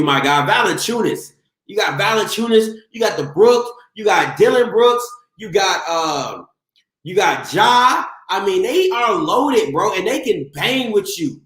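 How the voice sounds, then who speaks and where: A man's voice: sits high, roomy sound. A man hosting a live show, ranting about sports, cutting himself off and mocking viewers in the chat. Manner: animated, talks over himself, mocks viewers. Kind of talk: live-stream sports rant.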